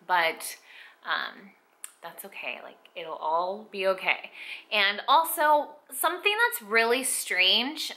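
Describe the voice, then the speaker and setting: Young female vlogger, very bright voice, chatty and rambling, emotional and teary throughout. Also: on the low side. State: tearful. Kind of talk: casual pregnancy update vlog.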